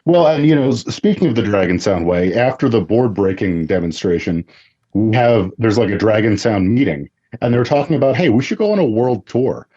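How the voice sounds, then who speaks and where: A man's voice: on the low side, lively intonation, a little fast, dark tone, slightly rough. Man, podcast co-host, laid-back, dry remarks, muffled lo-fi mic. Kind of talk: casual chat.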